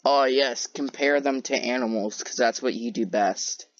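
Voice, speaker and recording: A woman's voice: extremely low pitch, normal speed, no room sound. A woman commentating on clips in a sarcastic, incredulous way, with many hesitant fillers. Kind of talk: reaction commentary. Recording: dull lo-fi dry recording.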